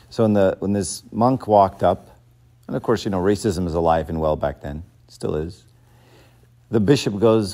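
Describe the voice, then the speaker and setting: Guy giving a church talk, low warm voice, chatty, keeps saying right?. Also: normal speed. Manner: conversational, joking, keeps asking "right?". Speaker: church teacher. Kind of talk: informal sermon lesson.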